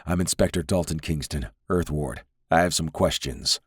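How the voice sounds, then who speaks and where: A man voicing a calm, steely male alien inspector who speaks quietly in clipped, unhurried phrases. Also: extremely low pitch, breathy edge, no echo, clean studio sound.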